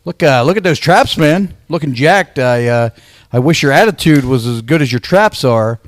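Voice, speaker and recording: A man hosts a wrestling show and introduces each guest in an easygoing, chatty way. He pauses often on "uh" and talks at a middle pitch. The sound is dry and close. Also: animated, dry recording. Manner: laid-back, chatty, with frequent "uh" pauses. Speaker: show host. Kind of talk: casual hosting of a wrestling show.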